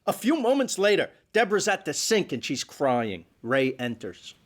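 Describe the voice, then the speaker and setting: A man reading stage directions aloud at a sitcom table read, plain and brisk, over a video call. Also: a little high, very animated.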